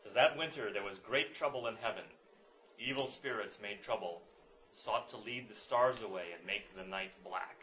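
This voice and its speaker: A man voicing a very old male medicine man who tells a story slowly and solemnly in a tabletop game. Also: fairly low pitch, sharp tone, slight background noise, poor audio.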